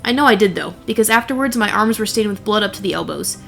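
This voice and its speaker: Telling a horror story in the first person, a young woman sounds wry and blunt, swearing casually as she goes. Her mid-range voice is gravelly and fast, with lively intonation, and gentle music sits beneath her.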